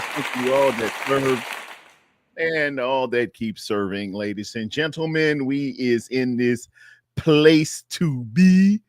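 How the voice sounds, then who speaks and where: A man's voice: mid-range voice, takes it slowly, no echo. Guy running a football fan stream, easygoing, repeats himself a lot, dry close sound. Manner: loose and repetitive, calls out viewers. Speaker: sports show host. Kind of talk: casual livestream chat. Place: home studio in North Carolina.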